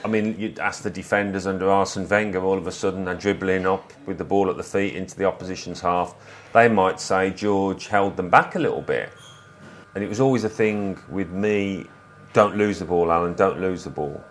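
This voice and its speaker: An English man in his fifties, a former footballer, telling stories in a relaxed interview with small restarts. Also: low voice, fairly quick, slight background noise. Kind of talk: reflective conversational storytelling.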